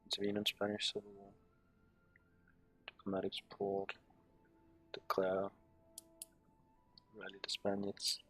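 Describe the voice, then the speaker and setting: Guy w a husky lowish voice mumbling thru a strategy game, sarcastic little asides. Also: completely flat delivery, a little slow, pauses often, fairly bright tone, faint music behind. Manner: muttering, sarcastic asides, swearing. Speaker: gameplay commentator. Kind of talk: casual gameplay commentary, reading on-screen text aloud.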